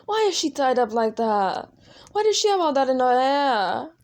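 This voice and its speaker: A woman's voice: mid-range voice, slow pace, darkish tone. A woman voicing a flamboyant, dramatic male demon in a fan audio role-play, whiny, theatrical and crude. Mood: nosy.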